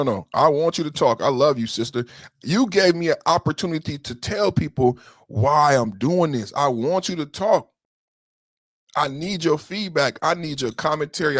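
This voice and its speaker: Speaking in a fairly high pitch, a man hosting a podcast goes off in fiery livestream commentary, swearing, getting emotional, and repeating himself. He talks straight to the commenters, and the audio is dry and close, with no echo or room.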